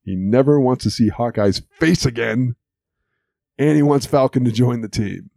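Recapping a cartoon episode on an audio podcast he co-hosts, a man chats casually, amused and frequently laughing. He speaks at normal speed with a medium-pitched, dark-toned voice and vocal fry, in clean studio sound with no echo.

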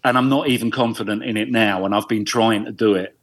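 Self-deprecating middle-aged English actor. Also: male voice, lowish voice, fairly even intonation, fairly quick. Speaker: guest actor. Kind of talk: casual podcast chat.

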